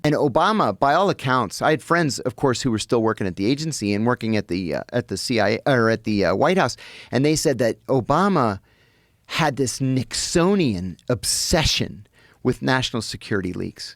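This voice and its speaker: Man, American, podcast guest, animated storyteller, gravelly, dry close sound. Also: mid-range voice, moderate pace, no room sound. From United States. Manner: animated storytelling, acting out quoted people.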